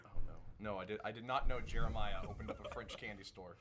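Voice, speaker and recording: A man co-hosting a live podcast, telling jokes with deadpan setups. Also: fairly low pitch, quick pace, very noisy. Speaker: podcast co-host. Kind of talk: telling jokes in casual chat.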